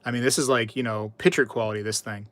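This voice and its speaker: A man's voice: on the low side, fairly even intonation, fast, fairly bright tone, no echo. A man hosting a casual live stream, reading chat messages aloud and telling stories in a chatty, repetitive way. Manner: chatty, repeats himself, reads chat aloud, tells anecdotes. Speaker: livestream host.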